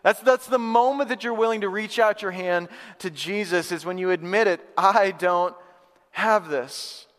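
A male pastor giving a lively, conversational sermon to a live church congregation, repeating phrases for emphasis. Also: high voice, fairly quick, few pauses. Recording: long hall reverb.

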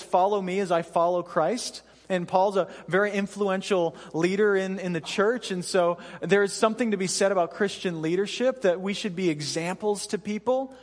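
A man in his thirties preaching a sermon as pastor, telling self-deprecating stories in an animated way that breaks into laughter. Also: high-pitched, big-room sound. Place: church stage.

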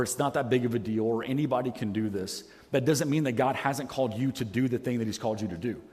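A man's voice: mid-range voice, darkish tone. Man pastor preaching on a headset mic, earnest and self-deprecating, lots of restarts, long echoey church hall. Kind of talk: sermon. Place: church sanctuary. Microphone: headset microphone.

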